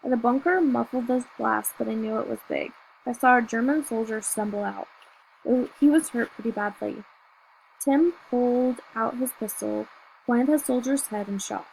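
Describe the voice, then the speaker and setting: A woman reads a novel aloud in first person, keeping a steady, measured storytelling pace. Her voice is fairly high with a noticeable gravelly fry. There is a faint hiss in the background. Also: low-quality recording. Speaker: audiobook reader.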